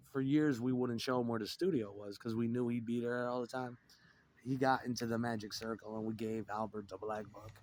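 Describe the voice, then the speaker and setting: A man's voice: mid-range voice, slight background noise. A middle-aged man in a profane, rambling monologue that jumps from topic to topic.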